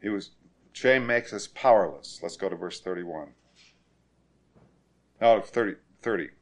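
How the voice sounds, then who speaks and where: A man preaching a sermon and directing a congregation through scripture, growing forceful and repetitive when he presses a point. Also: sits low, unhurried. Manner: emphatic, rises to forceful repetition.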